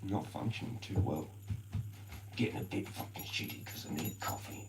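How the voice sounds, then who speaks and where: A man's voice: extremely low pitch, normal speed, heavy background noise. An Australian man ranting casually on a live stream, rambling and swearing constantly in slang.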